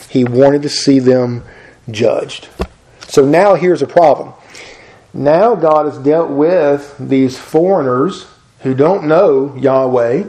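A man's voice: medium pitch, takes it slowly, mellow. A man preaching a folksy, chatty sermon and often asking his listeners questions.

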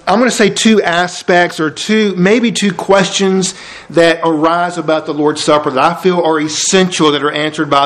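A male pastor preaching a sermon, chatty and full of rhetorical questions. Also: a little high. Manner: conversational, rhetorical questions, storytelling. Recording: roomy echo.

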